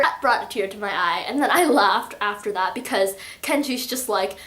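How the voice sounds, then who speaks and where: A woman's voice: mid-range voice, moderate pace, few pauses, a bit bright, echoey room. A young woman chatting casually about a book she loves, giggling and acting out lines in little voices. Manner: gushing, giggly, acts out quotes in voices. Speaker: book vlogger. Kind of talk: casual book review chat.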